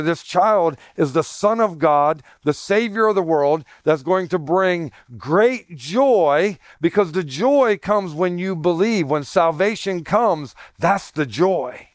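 Middle-aged male pastor, folksy and emphatic; slightly high-pitched, dry and close. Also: expressive, slow, no room sound. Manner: emphatic, repeats points, folksy asides. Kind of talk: conversational sermon.

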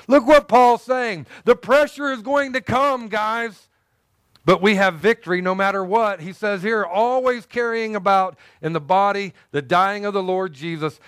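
Guy pastor preaching, kinda high voice, jokey and animated, dry sound. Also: unhurried, clean tone, dry recording. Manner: animated, jokey, talks to congregation. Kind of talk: sermon.

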